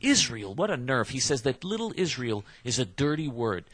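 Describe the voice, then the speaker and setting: A man's voice: mid-range voice, big pitch swings, normal speed, a bit bright, no echo. A man delivering a heated, combative monologue rant, emphatic and stumbling over repeated restarts. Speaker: political commentator.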